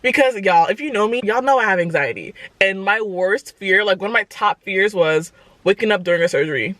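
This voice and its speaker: A woman in her twenties, a vlogger telling a story in a lively, casual way and speaking straight to her viewers. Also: medium pitch, fairly quick, no room sound. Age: 20s. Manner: animated, exclaims to viewers as "y'all".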